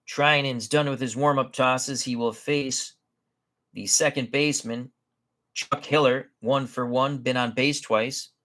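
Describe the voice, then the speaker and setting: A man's voice: mid-range voice, steady tone, fairly bright tone. A man hosting a tabletop baseball game, giving chatty play-by-play commentary and correcting himself as he goes. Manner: chatty, unhurried, self-correcting.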